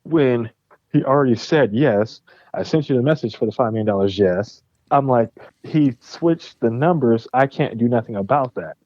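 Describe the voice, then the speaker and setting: A young man, a game studio founder and podcast guest, telling a story with animated, profane energy and acting out both sides of the conversations. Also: medium pitch, normal speed, dry recording, lo-fi sound. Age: young adult.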